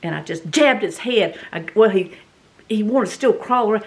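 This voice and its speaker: A middle-aged woman with a Southern US accent tells a story in a casual, animated, dramatic way, full of fillers. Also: medium pitch, moderate pace. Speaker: vlog host.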